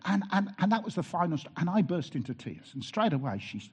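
Husky pastor preaching earnestly. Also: male voice, high-pitched, big pitch swings, fairly quick, hardly any pauses, highs cut off. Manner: earnest, stumbling restarts, wry asides. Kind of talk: sermon with personal stories.

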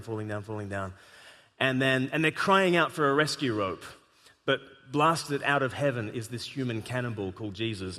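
A man hosting a live conversation on stage, telling stories with animated emphasis. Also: mid-range voice. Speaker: host. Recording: echoey hall.

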